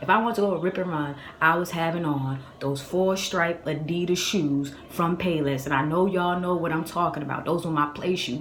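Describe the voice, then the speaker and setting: A young woman from the Boston area telling a storytime vlog on her phone, chatty and animated with lots of fillers. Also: lowish voice, moderate pace, hardly any pauses, reverberant, slight background noise. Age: young adult. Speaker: vlogger.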